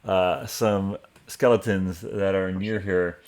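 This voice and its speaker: Gravelly low-voiced man running the game. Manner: relaxed, halting narration full of fillers. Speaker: game master. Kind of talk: narrating a tabletop game.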